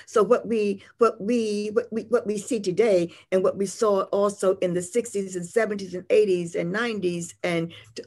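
An older woman speaks with a gravelly edge to her voice. She reads poetry with a chanting rhythm and answers questions in a slow, meandering way full of fillers. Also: medium pitch. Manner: rhythmic and incantatory in verse, unhurried and rambling in talk with many fillers. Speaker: poet and guest. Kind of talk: poetry reading and interview answers.

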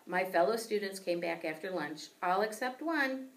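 A woman teacher reading a children's book aloud with expressive storytelling. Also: mid-range voice, normal speed, far from the mic.

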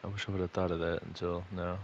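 Young man, very low voice, gamer, laid-back deadpan, faint background noise. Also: quick pace, dull audio. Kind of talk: casual chat while playing.

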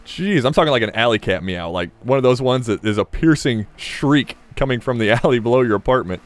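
A man with a slight Southern US accent giving rambling, self-mocking commentary while playing a game, breaking into sudden excited yelps. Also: medium pitch, brisk. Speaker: gaming YouTuber. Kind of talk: casual gameplay commentary.

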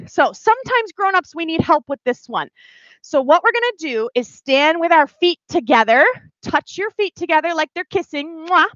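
A woman teaching a pre-recorded ballet class to small children, with an animated, sing-song way of talking. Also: very high-pitched, no room sound, highs cut off.

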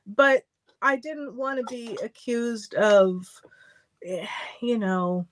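A woman's voice: fairly high pitch, slow pace. A woman hosting a sewing livestream, chatting casually and telling stories with frequent laughter. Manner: chatty, laughs often, storytelling. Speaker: sewing stream host.

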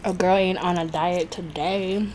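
Woman mukbang host, low voice, unhurried chat, faint hiss. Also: fairly even intonation. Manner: chatty, laughs often, self-conscious about talking fast. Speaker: food vlogger host.

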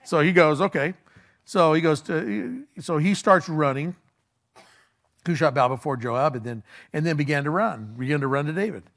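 A man's voice: on the high side, normal speed, fairly bright tone. A male pastor preaching in a casual, conversational way, retelling a story in everyday words with frequent fillers and restarts. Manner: retells the story in everyday speech, acts out the quoted lines.

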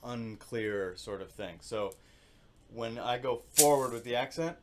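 A man teaching percussion in a casual, relaxed way, thinking aloud and singing rhythms with syllables. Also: mid-range voice, measured pace, noisy background. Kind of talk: casual instructional demonstration.

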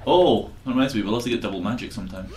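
A man's voice: medium pitch, a little mellow, soft background music. A man co-hosting a video game let's play, giving tips and teasing the player. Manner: advising, teasing, quick to laugh. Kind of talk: casual gameplay banter.

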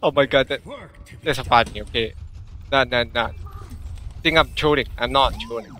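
A man giving live gameplay commentary, swinging between excited shouts and giggling, muttered asides. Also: medium pitch, moderate pace, soft background music. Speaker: gamer.

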